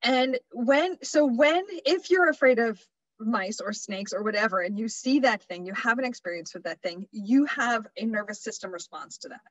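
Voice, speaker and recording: A woman leading a webinar workshop in a relaxed, chatty way, full of fillers and restarts. Her voice sits a little high, and the sound is close and dry, with no room echo. She talks to the group as if she were talking to friends. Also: normal speed. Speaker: workshop presenter. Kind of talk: casual webinar presentation.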